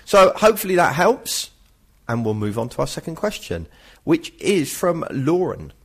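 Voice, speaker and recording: A middle-aged man chats as a podcast co-host. His husky voice swoops up and down a lot, and he drifts between casual advice and playful, self-mocking rants. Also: on the high side, very animated, moderate pace.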